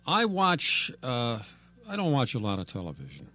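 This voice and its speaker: A man's voice: mid-range voice, huge pitch swings, normal speed, bright, forceful tone. A man hosting a radio talk show, chatting casually with a guest and asking wry questions. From Ireland. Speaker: radio host.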